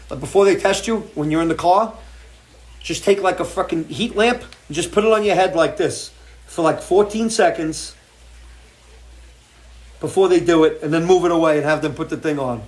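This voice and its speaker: A middle-aged man hosting a live show from a porch, ranting in a blunt, profane, emotional way. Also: fairly high pitch. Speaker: show host. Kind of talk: impassioned live-stream rant. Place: porch, outdoors.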